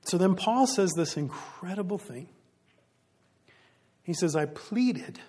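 Husky-voiced man preaching a sermon. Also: high voice, lively intonation, takes it slowly, pauses often, darkish tone. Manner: earnest, conversational preaching with rhetorical questions and chuckles. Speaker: pastor.

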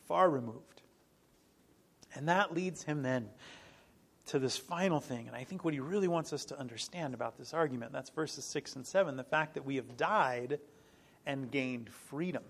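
Husky and a bit bright, this middle-aged man's mid-range voice moves at a moderate pace as he delivers a sermon as pastor. He is earnest and emphatic, leaning on repeated key phrases, with frequent restarts and small bursts of laughter.

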